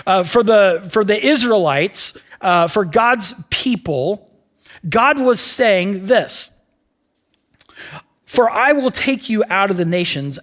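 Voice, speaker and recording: A man preaching a sermon, animated at times and dropping to a hushed near-whisper to drive points home. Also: sits high. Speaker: pastor.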